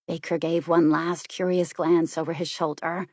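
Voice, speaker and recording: Lady reading a novel aloud, lowish voice, really dry close mic. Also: level tone, moderate pace, few pauses, a little mellow, dry recording. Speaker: audiobook narrator. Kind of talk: scripted audiobook narration.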